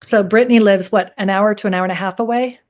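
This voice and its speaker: A woman co-hosting a casual interview, reacting warmly and encouraging her guest. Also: mid-range voice, steady tone. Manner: warm, encouraging, quick to react. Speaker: podcast co-host.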